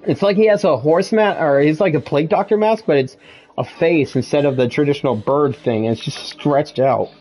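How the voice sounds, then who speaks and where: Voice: medium pitch, fairly quick, a little mellow, a little hiss or hum. A streamer playing a horror game live, panicking, swearing nonstop and yelping between nervous laughs.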